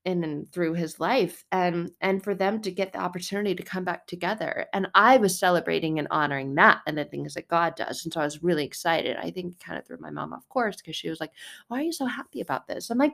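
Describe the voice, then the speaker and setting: A woman in her thirties talking about faith in a casual, rambling way, getting animated and sometimes singing short lines. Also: fairly low pitch, fairly quick, vocal fry. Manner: animated, rambling, breaks into song. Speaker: vlogger.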